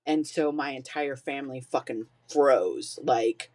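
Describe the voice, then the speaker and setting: A woman's voice: a bass voice, measured pace, darkish tone. Candid woman telling a hard story. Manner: candid, swears freely, laughs through hard memories. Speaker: podcast guest. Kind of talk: personal storytelling.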